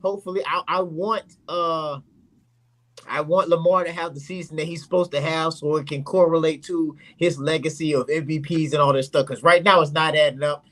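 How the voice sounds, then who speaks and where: A man's voice: on the high side, fairly even intonation, a little fast, a bit bright. A man on a sports podcast who gives his pick bluntly, with joking asides. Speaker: podcast co-host. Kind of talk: casual sports talk.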